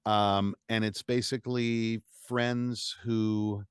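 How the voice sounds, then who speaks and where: A man with an American accent speaks in a fairly low voice, close and dry with no room sound. He tells stories in a chatty, animated way and laughs easily, like a guest on an interview show. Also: slow pace, smooth, no room sound. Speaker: guest, audiobook narrator. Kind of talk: casual interview chat.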